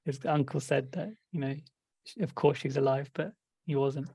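A man's voice: medium pitch, steady tone, moderate pace, gravelly, dark tone, slightly rough, dry recording. A man leading a casual group discussion, often restarting his phrases as he goes. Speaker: discussion leader.

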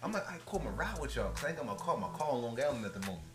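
Lively New man telling a story. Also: medium pitch, racing, over loud music. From New York. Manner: animated storyteller, laughs between lines. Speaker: guest rapper. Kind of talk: casual podcast chat.

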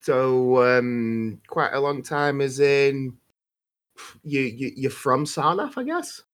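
A man's voice: medium pitch, animated, slow. A man playing a character in a tabletop game, speaking hesitantly with many ums and restarts. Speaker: player. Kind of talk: tabletop role-play.

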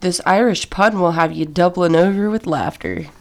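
A woman's voice: on the low side, expressive, moderate pace. A woman co-hosting a radio show, playful and laughing often as she trades puns. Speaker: radio co-host. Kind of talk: casual radio chat.

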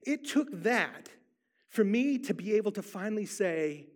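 A man's voice: high-pitched, sing-song, unhurried. A man preaching a sermon, telling a personal story with emphatic repetition. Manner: emphatic storyteller, repeats for effect.

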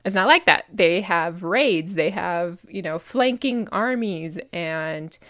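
A woman's voice: on the low side, lively intonation, slow, a bit bright, dry recording, studio quality. An American woman co-hosting a podcast, chatting casually about history with many fillers and frequent laughs. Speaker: podcast co-host.

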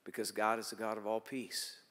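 A man's voice: on the low side, flat delivery, brisk, fairly bright tone. An older man, a pastor, preaching a sermon and asking the congregation rhetorical questions while quoting prayers aloud. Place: church sanctuary. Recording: long hall reverb.

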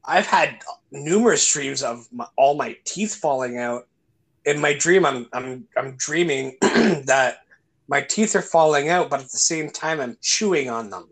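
Young guy rambling through dream stories on a podcast, voice sits a bit high, swears a lot. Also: animated, unhurried, a bit bright. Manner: rambling storyteller, acts out voices in his anecdotes, swears freely. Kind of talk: casual podcast chat.

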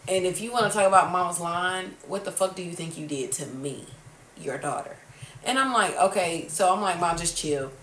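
Woman in her 20s, podcast host, animated storyteller, swears freely, roomy room, distant mic. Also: lowish voice, moderate pace. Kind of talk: casual chat. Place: room at a kitchen table. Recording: roomy sound, from far off the mic, faint noise.

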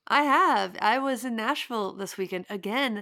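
A woman's voice: a little high, normal speed, sharp tone, no room sound, clean studio sound. A young woman co-hosting a podcast in casual chat, rambling through her stories. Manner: chatty, rambling storyteller. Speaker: podcast co-host.

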